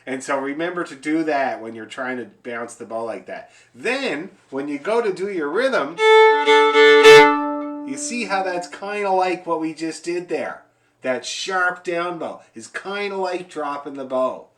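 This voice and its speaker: A man's voice: a little high, lively intonation, measured pace, over loud music. Chatty man teaching fiddle online. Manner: encouraging, chatty, explains with demonstrations. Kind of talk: online music lesson. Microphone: video call.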